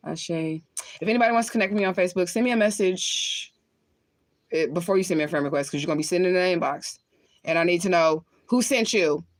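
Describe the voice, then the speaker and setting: A woman with a voice on the low side speaks on a livestream as a spiritual medium, casually reading out viewer comments. Her manner is blunt, full of swearing and laughter, and the recording has no echo.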